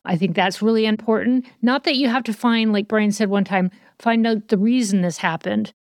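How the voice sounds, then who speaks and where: A woman's voice: medium pitch, moderate pace, a little mellow, no room sound, studio quality. Reflective woman co-hosting a podcast. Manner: reflective and searching, many fillers. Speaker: podcast co-host. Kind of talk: casual podcast talk.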